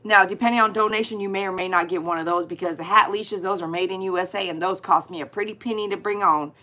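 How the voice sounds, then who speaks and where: A woman's voice: mid-range voice, fairly even intonation, fast talker, bright, forceful tone. A woman hosting a livestream, chatting casually and greeting viewers by name. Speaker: dog groomer hosting a livestream.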